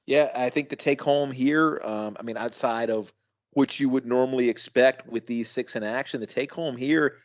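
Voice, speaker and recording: A man's voice: medium pitch, fairly even intonation, moderate pace. Easygoing male co-host, slightly dull audio. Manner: enthusiastic, easygoing analysis. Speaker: podcast co-host. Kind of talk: casual wrestling recap chat.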